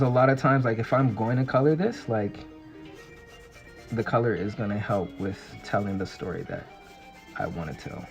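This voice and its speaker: A man casually chatting and rambling excitably on a livestream while he draws. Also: mid-range voice, vocal fry. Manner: rambling and excitable, full of fillers. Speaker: artist streaming a drawing session.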